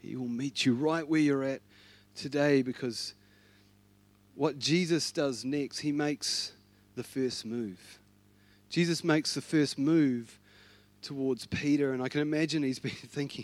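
A man giving a sermon as pastor, acting out the dialogue of the story in his own voice and building from soft, low passages to loud, impassioned ones.

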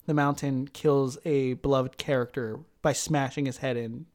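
A woman's voice: extremely low pitch, steady tone, normal speed, a little mellow. A woman co-hosting a casual chat, explaining plot in detail and laughing often. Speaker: podcast co-host. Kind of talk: casual chat recapping a show.

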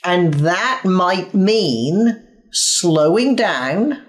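Dorset lady, speaking coach, slow deliberate talker, pretty blunt. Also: fairly low pitch, lively intonation. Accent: Dorset English. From England. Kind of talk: interview conversation.

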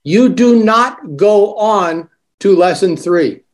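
A man's voice: high-pitched, expressive, slow pace. A man acting as a teaching coach, explaining classroom routines and modeling greetings with sing-song emphasis. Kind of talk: coaching talk.

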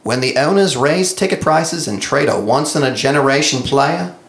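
A man's voice: fairly high pitch, expressive, drawn-out words, echoey room, voice pushed up, exaggerated voice. A man voicing an indignant male sports fan commenter in a silly put-on accent. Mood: fed-up.

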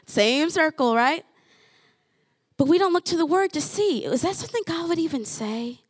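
Animated husky woman preaching. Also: sits high, normal speed, dry recording, studio quality. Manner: animated, acts out listeners' voices with rising exclamations. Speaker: pastor. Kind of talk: sermon.

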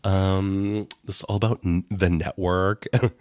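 A man co-hosting a casual podcast chat while sick, his voice raspy with vocal fry, joking and laughing often. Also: sits low, little pitch movement, measured pace, a little mellow, dry recording. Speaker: podcast co-host.

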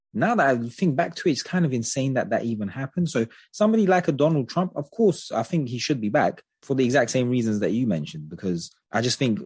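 A deep, husky-voiced man talking casually on a podcast. He gives his opinions with animation, hedging as he goes. His voice sounds dry and close to the mic. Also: no echo. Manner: chatty, animated opinions with frequent hedges. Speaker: podcast co-host.

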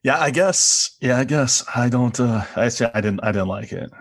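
A man co-hosting a podcast, casually talking through a TV episode in a hesitant, halting way with a wry edge. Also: mid-range voice, husky. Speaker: podcast co-host. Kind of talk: casual chat reviewing a TV episode.

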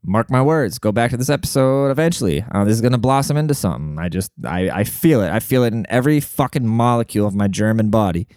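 A man's voice: expressive, fast, hardly any pauses, a little mellow, smooth, no echo, clean studio sound. Brash, profane podcast host man. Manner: brash, profane, rambling with many fillers; jumps high in pitch when acting out quotes. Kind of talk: casual solo podcast monologue.

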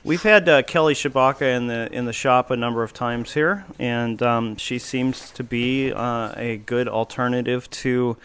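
A man's voice: mid-range voice, a little slow, hardly any pauses, a bit bright, slight background noise. A man hosting a casual talk show from a coffee shop, rambling along with frequent fillers and wry asides. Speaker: podcast host. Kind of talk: casual conversational chat.

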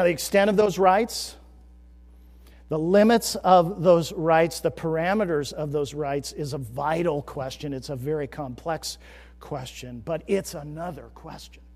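A middle-aged male pastor delivers a sermon in a fairly high voice. He moves between loud, emphatic declarations and soft, conversational asides. The sound carries the long reverb of a large church sanctuary. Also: measured pace.

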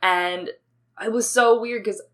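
A woman's voice: mid-range voice, fairly even intonation, slow pace, fairly bright tone. A young adult woman co-hosting a podcast, talking in a chatty, rambling way with frequent swearing. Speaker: podcast co-host. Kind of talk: casual chat.

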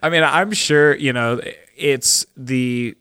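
A man's voice: mid-range voice, slow, pushed and bright, clear, resonant tone, no echo. A man co-hosting a podcast, chatting casually in a rambling way with lots of fillers. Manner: rambling, filler-heavy, enthusiastic. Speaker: podcast co-host.

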